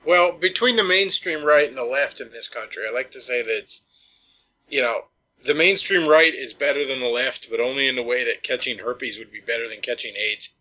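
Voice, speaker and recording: Blunt, bright-voiced man guest. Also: medium pitch, brisk, muffled recording. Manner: blunt and crude, stammers at the start. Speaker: podcast guest. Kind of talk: casual political chat.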